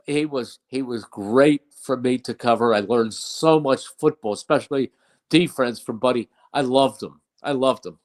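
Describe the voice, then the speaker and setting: A man's voice: mid-range voice, moderate pace. An older man, a veteran broadcaster, telling fond anecdotes in an interview with emphatic, storytelling delivery. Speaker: play-by-play broadcaster.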